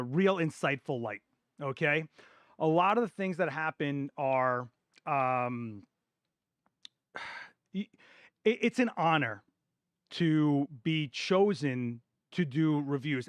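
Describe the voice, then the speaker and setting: A man's voice: fairly high pitch, a bit bright, no room sound. Fired-up man ranting on a live stream. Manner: passionate, emphatic, repeats words for stress. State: voice getting hoarse. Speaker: photography channel host. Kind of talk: live Q&A stream, opinion rant.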